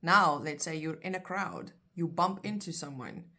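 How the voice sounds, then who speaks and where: A woman's voice: low voice, normal speed, bright, forceful tone. A South African woman teaching phrases in a casual, chatty language lesson, explaining with everyday examples. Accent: South African (Afrikaans).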